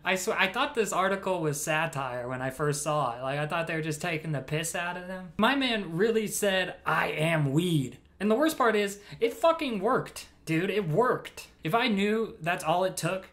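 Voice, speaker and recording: A man's voice: high voice, moderate pace, hardly any pauses, fairly bright tone. Sarcastic young man from the Midwest. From American Midwest. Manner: mocking, exasperated, swears casually. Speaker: comedy YouTuber. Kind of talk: sarcastic comedic commentary.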